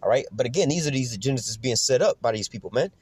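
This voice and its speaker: Fast-talking man ranting in slang. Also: mid-range voice, lively intonation, a little mellow, husky, no echo. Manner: slangy and profane, keeps adding "man" and "you know what I'm saying"; loose and rambling with restarts. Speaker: commentator. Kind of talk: casual ranting commentary.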